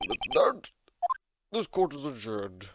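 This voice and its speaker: A man voicing a slow, formal old judge. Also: mid-range voice, huge pitch swings, heavy background noise, voice pushed up. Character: stern older male courtroom judge. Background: loud game music.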